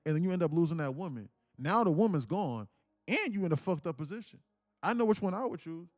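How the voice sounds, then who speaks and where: A man's voice: on the high side, a little mellow, no room sound. A young man telling an emotional story on a live stream, earnest and preachy, repeating himself, swearing casually and near tears. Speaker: day trading streamer.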